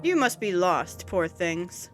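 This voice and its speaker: A woman voicing a gentle, fatherly ancient giant man who speaks in a polite, formal way. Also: on the low side, sing-song, slow pace, soft background music. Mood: kindly.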